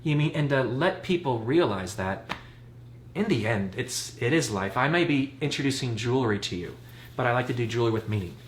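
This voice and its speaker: A man in his forties, speaking in a mid-range voice, is a guest in a casual chat, sharing personal stories in a candid and rambling manner. His delivery is animated and brisk. The recording sounds roomy, with a faint bit of noise.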